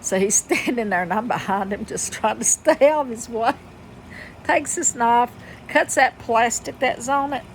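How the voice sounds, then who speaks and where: A woman's voice: a little high, moderate pace, slight background noise, low-quality recording. A woman telling a story in a folksy, chatty way, laughing often, then moving into reflective life advice. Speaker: vlogger. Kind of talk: casual storytelling monologue.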